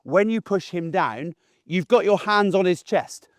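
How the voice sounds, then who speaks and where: A man, a dog trainer giving a casual, animated lesson outdoors while acting out voices. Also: high voice, unhurried, dry recording. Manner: chatty and animated, acts out the dog's and owner's voices. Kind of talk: casual instructional talk.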